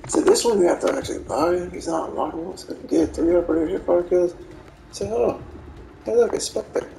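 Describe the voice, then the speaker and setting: A woman giving casual, animated gameplay commentary, swearing freely and retelling what her teammates say. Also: on the low side, fairly quick, gravelly, noisy background. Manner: animated, profane, retells teammates' reactions with laughter. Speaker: gamer streaming gameplay.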